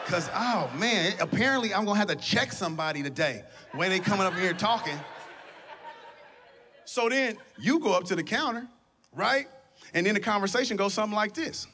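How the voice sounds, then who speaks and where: A male stand-up comedian on a comedy stage, telling stories in an animated, conversational way into a handheld mic. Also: high voice, a little fast, slight background noise. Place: comedy stage before an audience.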